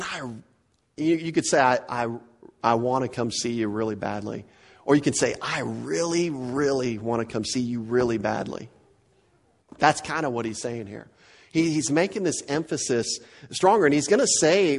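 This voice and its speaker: Working through scripture verse by verse, this medium-pitched male pastor delivers his sermon with animated emphasis. He frequently repeats words to drive his points home.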